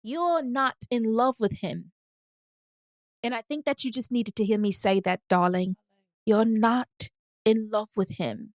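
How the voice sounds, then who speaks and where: A woman's voice: on the high side, a little slow, a little mellow, no room sound, studio quality, pitched below the performer's own voice. A woman voicing a posh woman giving love advice with a London accent, drawling and theatrical. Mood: prim, scolding. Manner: drawling, theatrical, says "darling". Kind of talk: mock advice-column reply.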